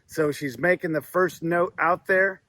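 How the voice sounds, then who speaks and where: A man's voice: fairly high pitch, unhurried, pushed and bright, rough recording. A man teaching duck calling in a plainspoken instructional manner, often repeating himself as he explains. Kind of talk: instructional demonstration.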